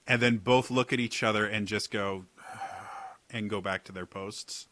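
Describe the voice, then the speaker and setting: A man narrating as game master, describing scenes slowly with many fillers. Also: on the low side, fairly even intonation, bright, forceful tone, no room sound. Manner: unhurried, filler-heavy, descriptive.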